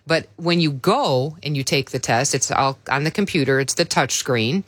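A woman's voice: low voice, moderate pace, no room sound. A woman hosting a morning radio show, chatting and telling stories in a casual, easygoing way. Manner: chatty, storytelling, laughs easily. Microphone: studio microphone.

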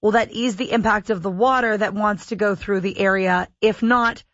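A woman's voice: medium pitch, fairly even intonation, moderate pace, fairly bright tone, no echo, muffled recording. A woman radio host reading listener questions aloud and teasing her guest in a playful way. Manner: playful, reads messages aloud and teases.

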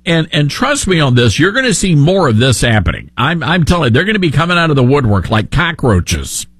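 A man's voice: on the high side, huge pitch swings, fairly quick, a bit bright, breathy edge, dry recording. A man with a Southern accent hosting a talk radio show, sarcastic and opinionated.

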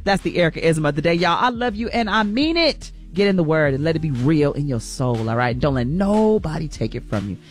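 A woman's voice: deep voice, animated, brisk, hardly any pauses. A woman radio host delivers a spirited inspirational message, preachy and emphatic, repeating key lines for stress. She talks folksy and direct, calling her listeners y'all. Faint music plays behind her. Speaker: radio morning show host.

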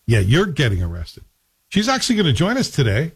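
A man's voice: on the high side, huge pitch swings, fairly quick, gravelly, breathy edge, no echo. A man hosting a morning radio show, chatting and joking casually with his co-hosts. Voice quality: talkative, joking.

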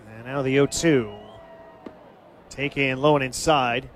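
A man calling live baseball play-by-play as the team's announcer, giving steady, stat-heavy recaps of the game. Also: mid-range voice, unhurried, slight background noise.

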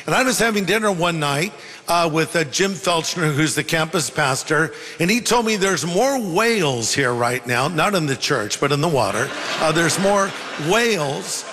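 A man's voice: on the high side, expressive, normal speed, sharp tone, in a large hall, a little hiss or hum. A male pastor preaching a sermon in a conversational storytelling way, with humorous asides.

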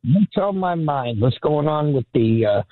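Lively male caller on a phone line. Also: fairly high pitch, unhurried, no room sound. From Staten Island, New York. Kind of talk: phone-in chat.

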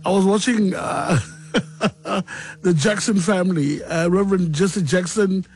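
High-voiced joking radio host man. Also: measured pace, husky. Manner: laughs often, animated, teasing. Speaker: radio breakfast show host. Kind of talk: casual joking studio chat. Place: radio studio.

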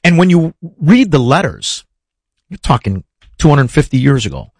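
A man's voice: fairly high pitch, sing-song, normal speed, darkish tone, breathy edge, no echo. Impassioned male interview host, dry sound. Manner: impassioned, rambling questions. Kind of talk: conversational interview.

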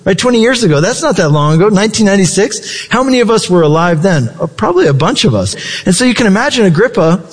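A man's voice: sits high, big pitch swings, fast talker, slightly rough. Man preaching in a reverberant hall. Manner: conversational preaching with rhetorical questions. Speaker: pastor. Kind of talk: sermon.

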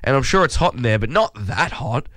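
A man co-hosting breakfast radio, telling a story in a lively way and laughing as he goes, his voice a bit croaky. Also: medium pitch, a little fast, dry recording, clean studio sound. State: slightly croaky voice. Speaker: radio co-host. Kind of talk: casual breakfast radio chat.

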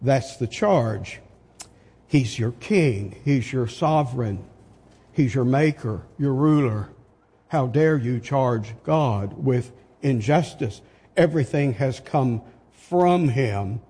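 A man's voice: mid-range voice, lively intonation, slow pace, dark tone, husky, in a large hall. An older man preaching a sermon, pressing his points with emphatic rhetorical questions.

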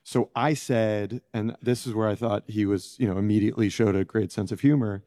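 A middle-aged man with a low, mellow voice answers interview questions in a halting, reflective way, often pausing to search for words. His voice sounds close and dry, with no room around it. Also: fairly even intonation, no room sound. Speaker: interview guest, former prisoner.

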